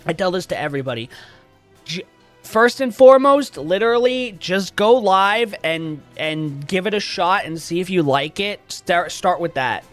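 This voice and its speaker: Animated, profane livestreamer. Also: medium pitch, normal speed, soft background music. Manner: animated, profane, joking mock rants. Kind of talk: casual live-stream chat.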